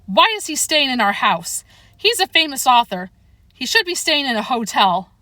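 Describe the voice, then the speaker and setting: A woman's voice: high-pitched, sing-song, normal speed, bright, forceful tone, dry recording, pitched above the performer's own voice, full character voice. Woman doing a paranoid, dramatic house cat. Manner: insistent, theatrical warnings. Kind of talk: audiobook reading.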